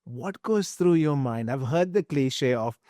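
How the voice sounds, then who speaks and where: A man's voice: medium pitch, animated, a little slow, mellow, no echo, studio quality. A middle-aged man hosting a podcast interview, earnest and thorough, asking long questions with fillers. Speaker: podcast host.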